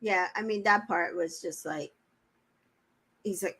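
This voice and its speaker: A woman's voice: mid-range voice, lively intonation, measured pace, pauses often, bright, forceful tone, breathy edge, rough recording. A woman co-hosting a casual reality show recap, opinionated and blunt, often exasperated.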